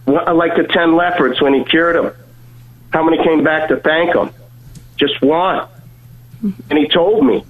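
A man's voice: on the high side, measured pace, long pauses. Earnest man on a tinny phone line. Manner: earnest, stumbles and repeats words. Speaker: guest sharing a testimony. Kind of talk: personal storytelling.

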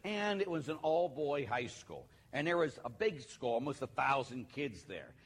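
A man, a Catholic priest, giving a sermon in a relaxed, conversational storytelling manner with playful asides. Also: mid-range voice, normal speed, slight background noise. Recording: long hall reverb.

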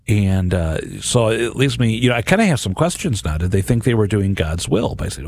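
Husky-voiced man talking on faith radio. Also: on the low side, lively intonation, normal speed, few pauses, darkish tone, no room sound. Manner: conversational, earnest, with many restarts. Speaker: radio host. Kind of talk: radio reflection on scripture. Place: radio studio.

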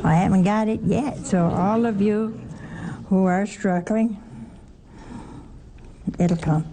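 A woman teaching a Bible study in a lively way, asking her listeners questions and adding wry humor. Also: medium pitch, slow pace, background noise.

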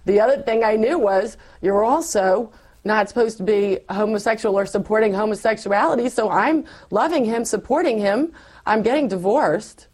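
A middle-aged woman telling her faith story in a candid, animated conversation, acting out her past self as she goes. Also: medium pitch, moderate pace.

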